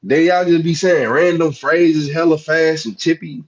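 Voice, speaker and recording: A man's voice: fairly high pitch, big pitch swings, slow pace, breathy edge, dull audio. A man with a Southern US accent who grew up in the United States, talking casually and chattily to his chat as a livestream host. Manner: chatty, laid-back, talks straight to chat.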